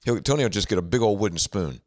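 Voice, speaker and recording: A man's voice: lowish voice, fast. A man co-hosting a sports podcast in casual chat, with jokey asides. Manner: animated, jokey asides, frequent laughs. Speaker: podcast co-host.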